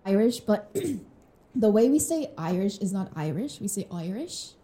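A woman's voice: mid-range voice, lively intonation, moderate pace, dark tone. A young woman co-hosting a podcast in casual chat, candid and full of fillers. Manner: chatty, filler-heavy, candid and laughing. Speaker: podcast co-host. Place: room with a glass wall.

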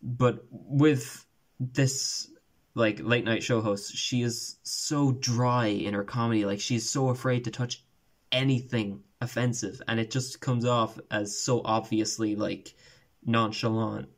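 A man's voice: medium pitch, fairly even intonation, takes it slowly. Give me a rambling young man hosting a podcast over a call. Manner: rambling, restarts often, laughs at own stories. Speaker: podcast host. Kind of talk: casual video-call chat. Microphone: remote call.

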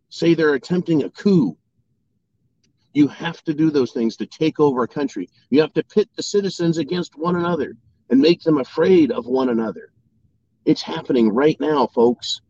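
A man's voice: on the high side, lively intonation, normal speed, dark tone, slight background noise. A man delivering a political opinion monologue, firing rhetorical questions and often asking "right?" to his audience. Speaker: political commentator. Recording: dry, dull lo-fi sound.

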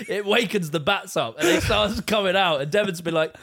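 A man's voice: high-pitched, animated, moderate pace, fairly bright tone, slight background noise. A man co-hosting a podcast, bantering and laughing often in casual chat. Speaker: podcast co-host.

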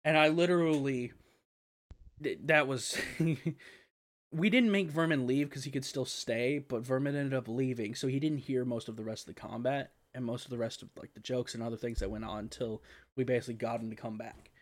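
A young man hosts a laid-back podcast chat in a medium-pitched voice. He rambles, swears freely and leans on fillers as he talks. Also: steady tone, moderate pace. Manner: rambling and profane, with frequent fillers and laughter. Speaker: podcast host.

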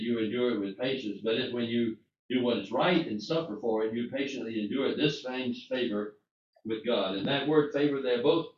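Recorded from afar in an echoey room, a man teaching the Bible delivers a casual sermon full of fillers and restarts. The sound is muffled, his voice is medium-pitched, and there's slight background noise.

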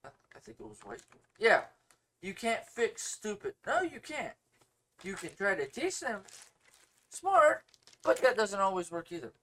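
A man in his thirties co-hosts a loose, casual podcast with a stuffed-up nose. He talks in animated, sarcastic rants, driving his opinions home. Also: sits high, a little slow. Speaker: podcast co-host.

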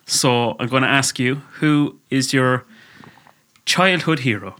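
Bright-voiced Irish podcast host. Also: male voice, medium pitch, slow pace, slight background noise. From Ireland. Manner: leading the talk, teasing. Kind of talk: casual podcast interview.

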